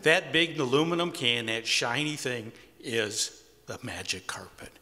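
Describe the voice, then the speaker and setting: A man's voice: medium pitch, animated, unhurried, sharp tone. A man in his sixties telling a personal story to a live audience in an easygoing, wry, conversational way. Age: 60s. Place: community center hall with audience. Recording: long hall reverb.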